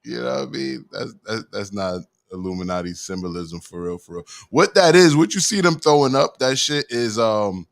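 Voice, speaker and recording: A man's voice: mid-range voice, expressive, normal speed, creaky, hardly any pauses, no echo, clean studio sound. A male host in a casual chat show, talking in laid-back slang and reading viewer comments aloud.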